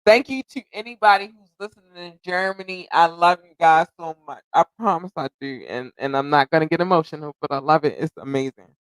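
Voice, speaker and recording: Male podcast host, effusive and rambling, slightly high voice, close dry recording. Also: brisk, clean tone, no echo, poor audio. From United States. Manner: effusive and grateful, repeating thanks and shout-outs; rambling, self-correcting, occasionally tongue-tied. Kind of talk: casual solo podcast chat.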